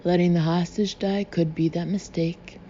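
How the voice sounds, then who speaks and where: A woman reads an audiobook in a low, level, measured voice with a warm, mellow tone. The recording is slightly dull, with a faint hiss underneath. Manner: even, measured reading. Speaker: audiobook narrator. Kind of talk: scripted audiobook narration.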